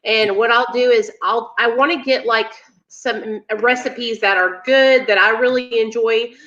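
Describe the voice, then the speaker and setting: A woman's voice: a little high, steady tone, measured pace, fairly bright tone, muffled recording. A woman co-hosting a casual live stream and talking to viewers in a chatty way. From American South. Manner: chatty, addresses viewers as y'all. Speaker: co-host.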